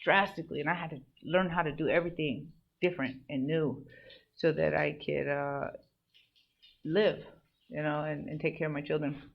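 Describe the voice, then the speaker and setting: A woman in a raw personal monologue, blunt and emphatic with heavy swearing, at times rising to loud outbursts. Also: sits low, steady tone, normal speed, vocal fry. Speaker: vlogger sharing personal growth. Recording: dull lo-fi recording with faint background noise.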